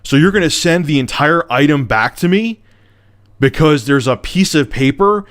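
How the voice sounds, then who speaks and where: A man's voice: fairly high pitch, expressive, moderate pace, a bit bright, no echo, studio quality. A man in a heated, profane rant, telling a frustrating customer service story to camera. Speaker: video blogger.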